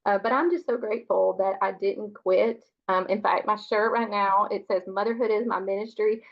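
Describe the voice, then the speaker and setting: A woman's voice: mid-range voice, fairly even intonation, normal speed. Feverish woman, earnest and preachy. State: has a fever. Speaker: speaker on a group call. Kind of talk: casual testimony on a video call. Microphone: video call. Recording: dull lo-fi call audio.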